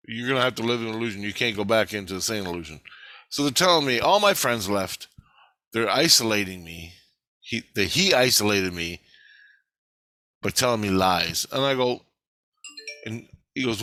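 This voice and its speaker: A man's voice: medium pitch, expressive, moderate pace, bright, forceful tone, dry recording. A man recounting a dream in an agitated, profane rush, acting out both sides of the argument. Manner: agitated, profane, retelling dialogue in bursts. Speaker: vlogger. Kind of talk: casual recounting of a dream to camera.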